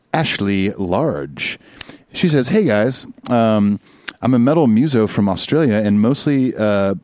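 Low-voiced man co-hosting a podcast. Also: lively intonation, measured pace, darkish tone, faint music behind. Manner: playful, jokes with put-on voices. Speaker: podcast co-host. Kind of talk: casual podcast chat.

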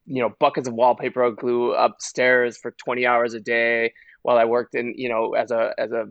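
A man's voice: mid-range voice, level tone, fairly bright tone, no room sound, muffled recording. Earnest man, dry close sound. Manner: earnest, halting, with many restarts. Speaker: podcast guest. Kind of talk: casual podcast chat.

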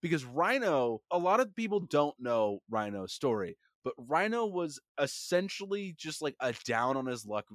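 Animated, bright-voiced young podcast host. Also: male voice, fairly high pitch, normal speed, few pauses, no echo, studio quality. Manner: animated, profane storytelling with voices. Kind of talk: casual chat.

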